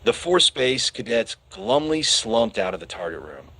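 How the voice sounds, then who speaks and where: Slow expressive male audiobook narrator. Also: mid-range voice, creaky, breathy edge, no echo. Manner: expressive storytelling.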